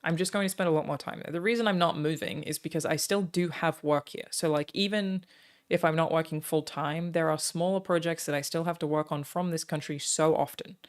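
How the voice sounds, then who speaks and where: A woman from Australia, speaking, chats casually with her stream viewers, thanking them by name between stretches of talk with frequent "um" pauses. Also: sits low, steady tone.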